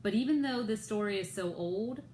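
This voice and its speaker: A woman's voice: mid-range voice, animated, moderate pace, mellow, slight background noise. American woman telling a story, echoey room. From United States. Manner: indignant retelling, quoting others in raised voices. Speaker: vlogger. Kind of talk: storytime vlog.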